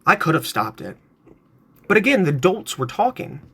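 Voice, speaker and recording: A man's voice: a little high, big pitch swings, normal speed, creaky, a bit bright, husky. A man in his twenties telling a funny family story to his phone camera in a playful, theatrical way, acting out the other people in it. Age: 20s.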